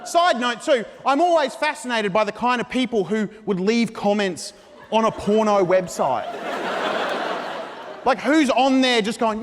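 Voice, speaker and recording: A man's voice: sits high, animated, unhurried, background noise. A man doing a stand-up comedy set in a mock-earnest, ranting style. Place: large theatre stage. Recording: live hall recording with reverb.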